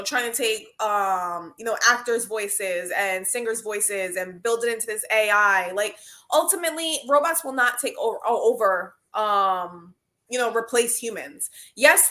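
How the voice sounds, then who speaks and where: A woman's voice: fairly high pitch, animated, unhurried, sharp tone. A woman co-hosting a podcast, firmly arguing back in a casual debate. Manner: firm, arguing back, many fillers. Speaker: podcast co-host.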